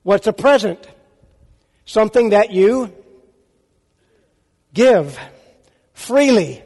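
Man, pastor, very high voice, emphatic sermon delivery, rhetorical questions, long reverb. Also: very animated, drawn-out words, a little mellow.

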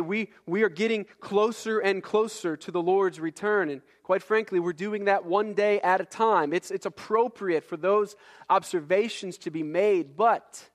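A man preaching a sermon, reading scripture and building intensity through repeated phrases. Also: sits high. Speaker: pastor.

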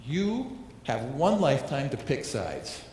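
A man's voice: medium pitch, huge pitch swings, a little slow, darkish tone. A male pastor preaching a sermon, emphatic, repeating phrases and asking rhetorical questions. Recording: echoey hall reverb, faint ambience.

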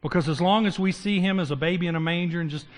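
An older man preaching a sermon to his congregation, mixing folksy jokes with passages that swing from loud and emphatic to low and hushed. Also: quick pace. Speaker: pastor.

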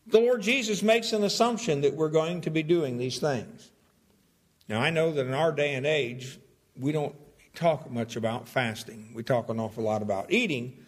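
A pastor preaching a sermon, stressing key words and restarting phrases as he explains a passage. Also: medium pitch.

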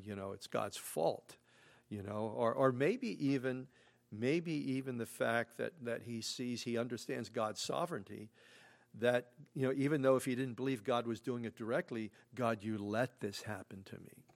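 A middle-aged man preaching a sermon as pastor, talking conversationally with many asides, shifting from hushed tones to loud emphatic bursts. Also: medium pitch, moderate pace, vocal fry. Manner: conversational, repeats himself, frequent "you know". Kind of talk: expository sermon.

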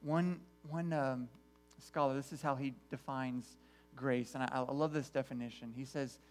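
An earnest man preaching in a church, his voice sitting at an ordinary middle pitch. He often restarts phrases and repeats words as he builds his point. Soft music plays faintly behind him. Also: fairly even intonation, moderate pace. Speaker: pastor. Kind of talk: sermon.

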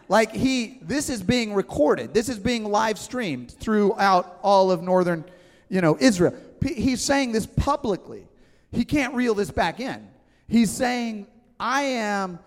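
A man preaching a sermon in a lively, conversational way, acting out the quoted voices. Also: sits high, normal speed. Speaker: pastor. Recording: long hall reverb.

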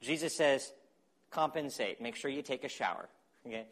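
Preaching at a normal speed in a mid-range voice, a pastor keeps his sermon animated. He performs quotes dramatically and slips into hushed asides.

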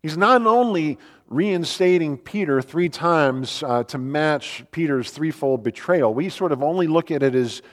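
A man's voice: a little high, animated, measured pace, few pauses. A man preaching a sermon in an earnest, emphatic way, asking rhetorical questions and quoting scripture. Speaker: pastor. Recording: long hall reverb.

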